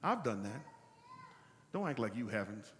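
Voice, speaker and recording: A pastor preaching an animated call-and-response sermon that builds up to shouts. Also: male voice, fairly low pitch, moderate pace, big-room sound.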